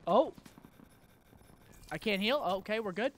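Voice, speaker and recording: A man's voice: sits high, lively intonation, a little slow, fairly bright tone, a little hiss or hum. A man doing live gameplay commentary as a gaming YouTuber, hyping himself up and mocking his own mistakes with sudden outbursts. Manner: hype, self-mocking trash talk, sudden outbursts.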